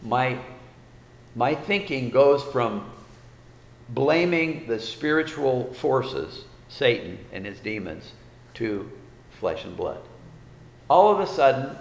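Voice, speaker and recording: A man's voice: medium pitch, echoey room, long reverb tail. A man preaching a sermon as pastor, folksy, with rhetorical questions and repeated phrases.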